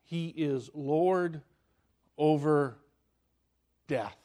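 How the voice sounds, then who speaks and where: High-voiced man preaching a sermon slowly. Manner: dramatic, swinging from loud to hushed; asks the listeners questions.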